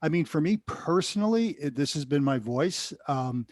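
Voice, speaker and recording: A man's voice: a little high, expressive, moderate pace, darkish tone, dry recording, clean studio sound. A man from Queens with a New York accent, a broadcaster speaking earnestly on a panel. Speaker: radio broadcaster and teacher. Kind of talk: panel discussion.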